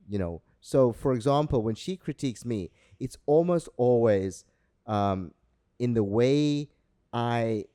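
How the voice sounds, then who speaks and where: A man co-hosting a podcast, telling a long story in a rambling, halting way. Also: medium pitch, mellow, dry recording, clean studio sound. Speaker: podcast co-host. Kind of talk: casual chat.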